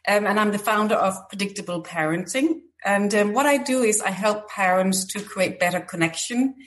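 A woman's voice: mid-range voice, moderate pace. A woman from Denmark with a Danish accent touched with Irish, speaking as a friendly podcast guest. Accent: Danish, with a slight Irish touch. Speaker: podcast guest, parenting coach. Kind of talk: casual conversation.

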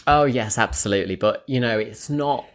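A woman co-hosting a podcast in casual chat, playful and bawdy, quick to joke and giggle. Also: extremely low pitch. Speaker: podcast co-host.

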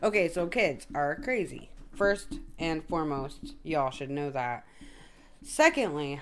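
A woman's voice: deep voice, a little hiss or hum. A woman in her thirties co-hosting a podcast, chatting casually and telling stories, swearing freely. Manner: swears freely, animated storytelling. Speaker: podcast co-host. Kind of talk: casual chat.

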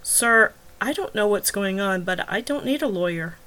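A woman's voice: medium pitch, animated, moderate pace, bright, forceful tone, poor audio. A woman reading as a flustered young suspect. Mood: earnest. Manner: flustered, insistent, pleading innocence. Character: confused, earnest young man under suspicion.

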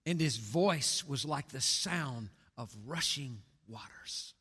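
A middle-aged male pastor preaching a sermon, swinging from hushed near-whispers to booming calls. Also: expressive, takes it slowly, husky. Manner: dramatic swings between hushed and booming delivery. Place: church sanctuary. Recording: long hall reverb.

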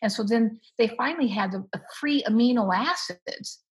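A woman speaking as a guest expert, explaining how the body handles food in an animated, emphatic way. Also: fairly high pitch, moderate pace, slightly rough, low-quality recording. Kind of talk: explanatory conversation.

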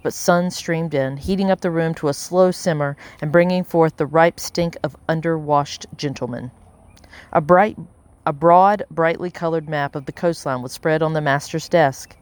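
A woman reading a novel aloud as an audiobook narrator, measured and steady, lightly voicing the characters. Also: sits low. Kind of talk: scripted narration.

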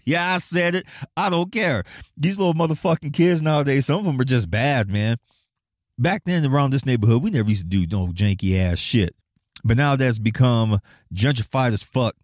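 A man from Flagstaff, Arizona, hosting a podcast with a blunt, profane, animated casual monologue, often breaking into laughs. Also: medium pitch, moderate pace, dry recording, clean studio sound. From Flagstaff, Arizona, USA. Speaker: podcast host.

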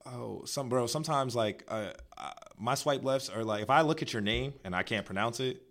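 A man's voice: mid-range voice, normal speed, fairly bright tone. A young man chatting casually as a podcast co-host, loose and slangy, full of filler words. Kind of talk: casual chat.

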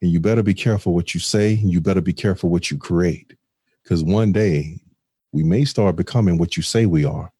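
A man's voice: sits low, fairly quick, dark tone, breathy edge, dry recording, clean studio sound. A man co-hosting a podcast, giving an impassioned warning. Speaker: podcast co-host. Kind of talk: impassioned commentary.

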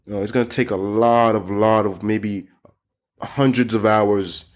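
A man teaching English in a loose, chatty way, slowing down to model how word endings sound. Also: fairly low pitch, fairly even intonation. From United States. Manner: loose and chatty, lots of "you know" and "like". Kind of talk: casual spoken lesson.

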